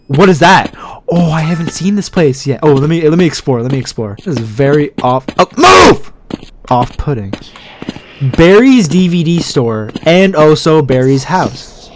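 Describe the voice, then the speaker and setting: A man giving excitable let's-play commentary, yelping and shouting at scares and muttering quietly to himself in between. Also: fairly high pitch, normal speed, a little hiss or hum. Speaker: gamer.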